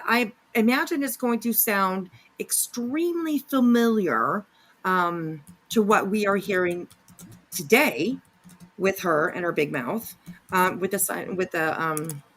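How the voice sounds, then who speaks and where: A woman talks her viewers through a clip in a loose, chatty way, tossing in sarcastic jabs. Her pitch sits in an ordinary middle range for a woman. She fills gaps with ums and quick asides as she goes. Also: a bit bright. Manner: sarcastic, chatty, many fillers. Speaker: commentary channel host. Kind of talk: casual reaction commentary.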